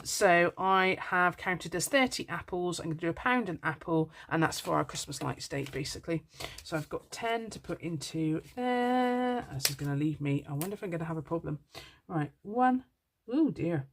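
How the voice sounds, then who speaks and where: A woman chatting in a casual budgeting vlog, bubbly and apologetic, with lots of ums. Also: deep voice. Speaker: budgeting vlogger.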